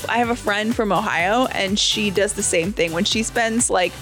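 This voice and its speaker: A woman's voice: medium pitch, moderate pace, faint music behind. Teasing woman podcast co-host. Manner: teasing, animated storytelling with many fillers. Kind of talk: casual chat.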